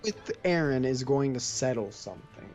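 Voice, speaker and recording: A young man in a casual conversation, his voice sitting at an ordinary middle pitch. He talks with earnest enthusiasm, and faint music plays behind him. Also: animated, moderate pace, darkish tone, highs cut off. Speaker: guest youtuber. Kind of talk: casual chat.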